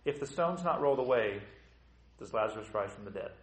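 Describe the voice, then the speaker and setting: A man's voice: mid-range voice, a little fast. A man preaching a sermon as pastor, blunt and conversational, acting out the doubting voices of his congregation and asking the room questions. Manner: animated, acts out the voices of troubled churchgoers. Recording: roomy church reverb.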